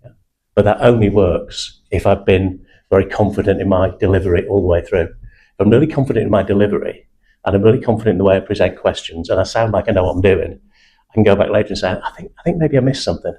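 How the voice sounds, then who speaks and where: A man's voice: low voice, fairly even intonation, quick pace, warm tone, slight background noise, poor audio. A man, teaching a live sales training session in a blunt, confident manner with British slang. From England (South Manchester).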